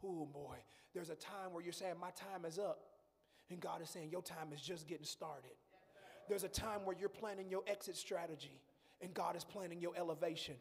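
A man preaching a sermon as pastor, building to shouts and talking straight to the congregation. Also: sits high, normal speed, creaky, long reverb tail. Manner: preaching with rising shouts and call-and-response asides.

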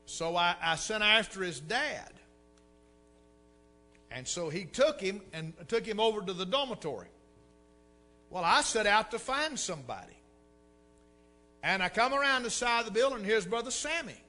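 A man with a drawl preaches from the pulpit, spinning a homespun story with a high, bright voice that rises and dips in lively swings. Soft guitar plays faintly behind him. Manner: folksy, animated storytelling with repeated words. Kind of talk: sermon storytelling.

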